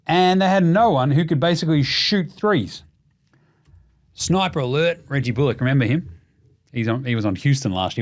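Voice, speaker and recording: Aussie bloke ranting about basketball, swears a lot, joking, kinda high voice. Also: male voice. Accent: Australian. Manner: fast, sweary, jokey, animated. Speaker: podcast host. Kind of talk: casual sports commentary.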